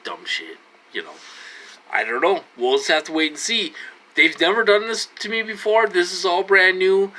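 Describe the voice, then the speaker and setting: A man from Minnesota talks straight to his viewers in a loose, rambling monologue. His voice is bright and forward. He circles back and repeats himself, with "you know" dropped into nearly every sentence. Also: a little high, low-quality recording. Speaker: vlogger. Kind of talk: casual monologue to camera.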